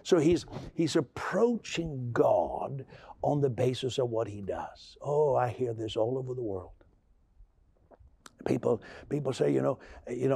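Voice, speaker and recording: A man's voice: mid-range voice, lively intonation, a little slow, gravelly, mellow, husky, no echo. A man preaching a sermon, stammering through repeated restarts and building to emphatic, raised passages. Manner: repetitive stammering restarts, rising to emphatic outbursts. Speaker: pastor.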